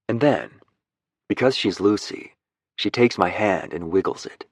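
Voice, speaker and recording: Man, low voice, first-person romance narration, wry, easygoing, very dry studio sound. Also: expressive, normal speed, slightly rough, dry recording. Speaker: audiobook narrator.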